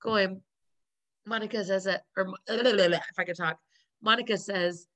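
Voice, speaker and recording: A woman's voice: mid-range voice, steady tone, a little slow, a bit bright. A woman chatting casually, retelling a sitcom episode with frequent laughs and acted-out quotes. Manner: laughing often, acting out quotes.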